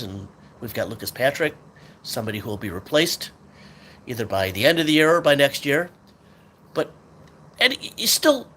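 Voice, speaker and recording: A man's voice: on the high side, fairly bright tone, a little hiss or hum. A man hosting a sports talk show, venting in an angry, swearing rant about his team. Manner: frustrated, swearing, ranting fan.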